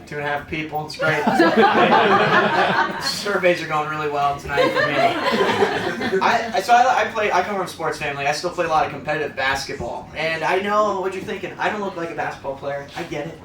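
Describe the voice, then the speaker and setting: A man's voice: on the high side, lively intonation, fairly quick, recorded from a distance. A young man from the Midwest doing a self-deprecating stand-up comedy set, chatting with the crowd on a club stage. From American Midwest. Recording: roomy live club sound, crowd laughter. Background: audience laughing.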